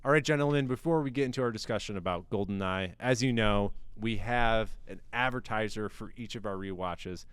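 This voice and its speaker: Low, smooth-voiced male podcast host. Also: a little fast, hardly any pauses, dry recording. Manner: playful, animated, jokey. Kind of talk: casual podcast chat with mock ad reads.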